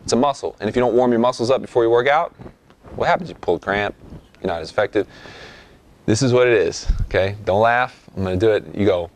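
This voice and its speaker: A man's voice: on the low side, quick pace, slight background noise. A young man giving a casual lesson on breath and voice for rapping, often checking in with "okay?" and demonstrating sounds. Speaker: rap vocal instructor. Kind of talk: instructional talk.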